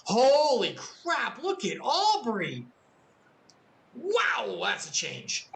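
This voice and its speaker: A woman's voice: fairly high pitch, wildly swooping pitch, very slow, gravelly, reverberant, noisy background. A young adult woman streaming a game playthrough, reacting expressively and reading dialogue aloud.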